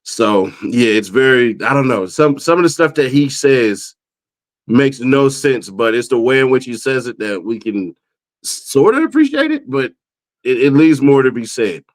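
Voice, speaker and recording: A man's voice: mid-range voice, sing-song, moderate pace. A man hosting a casual interview, asking teasing questions with stammering restarts. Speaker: show host.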